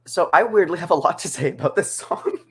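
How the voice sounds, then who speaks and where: Expressive co-host, animated, laughs a lot and swings the pitch widely. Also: brisk, breathy edge. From United States. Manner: animated, laughs often, leans on "like". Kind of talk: casual chat.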